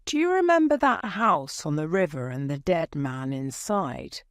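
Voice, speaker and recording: A woman's voice: deep voice, animated, measured pace, no echo, studio quality. A woman voicing a kind, protective grown man in a storybook reading.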